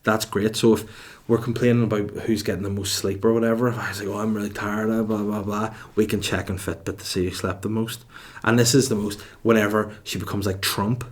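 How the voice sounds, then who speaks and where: A man in his thirties with a Northern Irish accent, hosting a comedy podcast at home in a cold room, telling stories with animated exasperation and swearing. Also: fairly low pitch, fairly quick. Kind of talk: comedic monologue.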